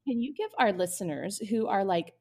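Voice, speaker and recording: A woman's voice: medium pitch, animated, fairly quick, a little mellow. Enthusiastic woman podcast co-host. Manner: enthusiastic, giggly. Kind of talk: casual podcast interview.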